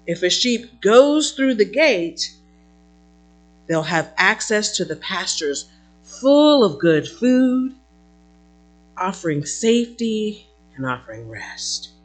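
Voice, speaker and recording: A woman teaching a Bible passage in a lively, conversational way, breaking into playful asides. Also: mid-range voice, slow pace, pauses often, soft background music.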